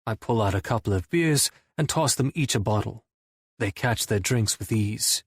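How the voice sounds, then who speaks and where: A man narrating a first-person audiobook in a wry, deadpan manner. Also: on the low side, moderate pace, husky, no echo, studio quality.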